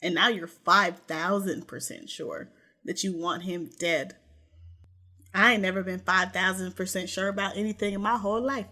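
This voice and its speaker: Woman co-host telling a true crime story. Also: medium pitch. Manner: lively narration with playful asides. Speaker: podcast co-host.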